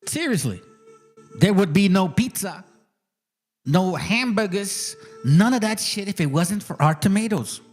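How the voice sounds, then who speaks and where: A man's voice: sits high, lively intonation, unhurried, soft background music. A man hosting his channel with heated, profane, mocking commentary on clips. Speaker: channel host.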